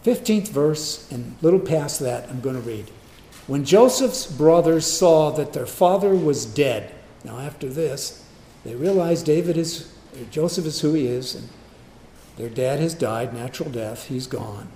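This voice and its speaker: Expressive preacher man in an echoey room. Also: medium pitch, moderate pace, slight background noise. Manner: dramatic, acts out biblical voices with humor. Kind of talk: sermon.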